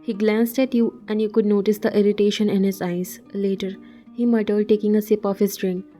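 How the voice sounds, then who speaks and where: A woman narrating a scripted story in the second person at an even, measured pace. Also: medium pitch, soft background music.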